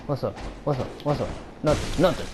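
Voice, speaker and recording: A man giving excitable live commentary while playing a video game, talking to himself and his viewers and swearing when things go wrong. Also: medium pitch, brisk, noisy background. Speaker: gamer.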